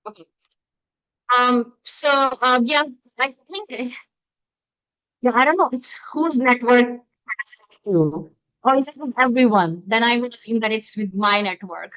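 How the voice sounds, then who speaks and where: A woman from Pakistan giving an online webinar talk as a physician-scientist, speaking quickly from her home through a computer mic set back from her. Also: on the high side, fairly bright tone, no echo. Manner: fast-talking, explanatory. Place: home, in the middle of moving. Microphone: computer mic, not close. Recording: dull lo-fi video call audio.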